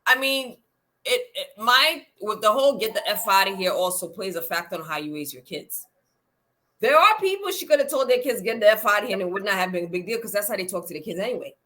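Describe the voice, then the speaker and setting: A woman co-hosting a casual reality TV recap chat, animated, acting out quotes as she talks. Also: medium pitch, fast. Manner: animated, acts out quotes, lots of "like" and "yeah". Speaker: co-host.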